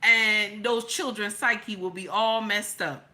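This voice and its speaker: A woman's voice: mid-range voice, steady tone, slow, sharp tone. A middle-aged woman hosting an opinionated livestream, blunt, profane and preachy, greeting her chat as she talks. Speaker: livestream host.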